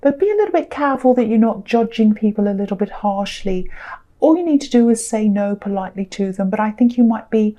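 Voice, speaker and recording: A woman giving a tarot reading, talking in a gentle, reassuring way with frequent pauses and ums. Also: medium pitch, lively intonation. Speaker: tarot reader.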